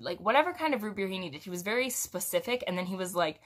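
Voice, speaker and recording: A woman's voice: medium pitch, animated, fast, hardly any pauses, a bit bright. A young woman telling a casual story to her viewers, chatty and rambling, with giggles and restarts. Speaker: storytime vlogger.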